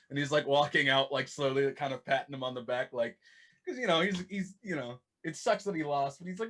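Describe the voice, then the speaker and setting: A man playing a tabletop game, describing his character's actions in a chatty, halting way. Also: mid-range voice, a bit bright. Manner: chatty, halting, full of fillers. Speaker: player. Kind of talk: casual tabletop play.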